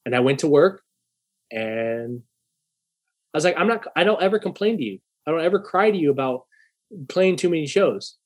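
A man's voice: fairly high pitch, normal speed, long pauses. A young man casually telling a story, swearing freely and acting out a heated argument in quoted dialogue. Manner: profane, animated, acts out heated dialogue.

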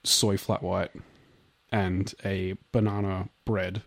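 A man's voice: low voice, little pitch movement, slow, gravelly, no room sound. A young Australian man co-hosting a podcast, talking in a laid-back, wry way with casual swearing. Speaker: podcast co-host. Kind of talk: casual chat.

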